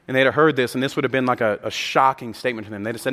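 Impassioned preacher in a reverberant hall. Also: male voice, mid-range voice, steady tone, quick pace, few pauses, a bit bright. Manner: impassioned, acts out the voices of the story. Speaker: pastor. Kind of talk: sermon.

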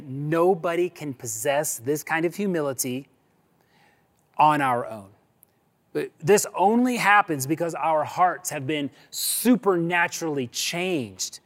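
A male pastor preaching a sermon in a conversational way, stretching key words and dropping low at the ends of phrases. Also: a bit bright.

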